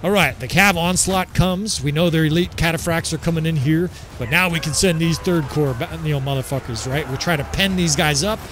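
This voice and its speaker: A man giving casual, excitable gameplay commentary as he sets up a battle, swearing freely and laughing often. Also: a little high, a little fast, hardly any pauses.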